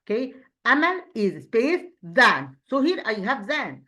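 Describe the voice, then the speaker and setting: A woman teaching an English grammar review lesson, pausing often and repeating herself, asking rhetorical questions as she goes. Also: a little high, very animated, pushed and bright. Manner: hesitant, frequent fillers and restarts.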